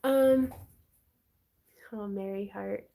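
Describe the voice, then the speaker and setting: A woman hosting a craft livestream, chatting casually in a bubbly, excitable way with frequent giggles. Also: mid-range voice, drawn-out words, gravelly.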